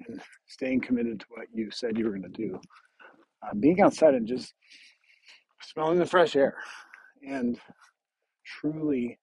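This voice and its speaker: Breathless, gravelly man walking outdoors at night. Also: medium pitch, mellow, poor audio. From Oregon. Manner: earnest, rambling with restarts. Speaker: podcast host. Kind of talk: motivational faith talk.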